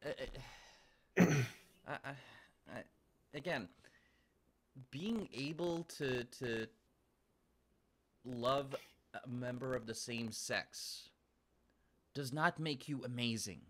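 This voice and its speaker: A man's voice: mid-range voice, slow pace, long pauses, fairly bright tone. A man hosting a casual show, reacting to clips with crude jokes, exclamations and stammers. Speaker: host. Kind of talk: casual commentary while watching clips.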